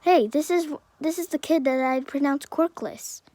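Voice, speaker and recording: A woman's voice: high voice, dark tone, dry recording, lightly acted. A woman voicing an awkward doctor who halts and stumbles with fillers while giving bad news. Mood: halting. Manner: halting, full of fillers.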